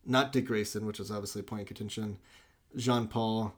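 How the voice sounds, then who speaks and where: A man with a fairly low voice talks loosely and eagerly about films. He circles back and restarts his sentences often. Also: fairly even intonation, brisk. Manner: rambling, full of "like" and restarts; enthusiastic. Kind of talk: casual movie chat.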